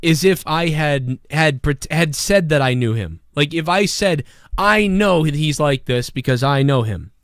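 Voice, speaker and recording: A man hosting a casual livestream show, rambling and swearing a lot, with a hoarse voice. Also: fairly high pitch, unhurried, no echo, studio quality. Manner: profane, rambling and animated. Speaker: show host.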